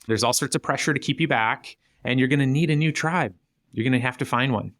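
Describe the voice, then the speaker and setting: Heard in a clean studio recording with no echo, a middle-aged guest author talks briskly on a podcast. His casual, animated delivery leaps upward in pitch as he performs the voices he's quoting.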